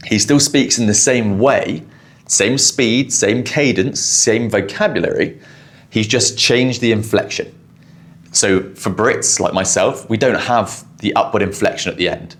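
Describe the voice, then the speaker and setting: A man with a southwest English accent and quick, explanatory delivery, commenting as host on a recorded podcast clip. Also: on the low side. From southwest England. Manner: quick-talking, explanatory, with restarts.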